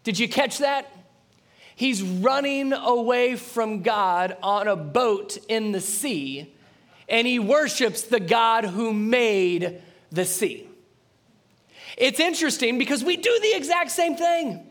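A man preaching a sermon and reading scripture aloud, animated, swinging between loud emphasis and quiet, earnest intensity. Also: extremely high pitch, slow pace.

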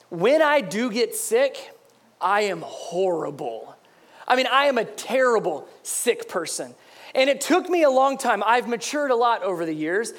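A man in his thirties, a pastor, preaching a sermon with humorous, self-mocking stories. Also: high-pitched.

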